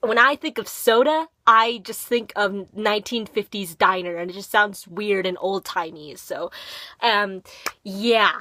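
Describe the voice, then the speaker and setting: A woman's voice: mid-range voice, measured pace, sharp tone, dry recording. A teenage girl from Minnesota with a slight Minnesotan accent, chatting casually in a rambling, filler-heavy way for her vlog. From Minnesota, USA. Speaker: vlogger. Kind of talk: casual talking-to-camera vlog.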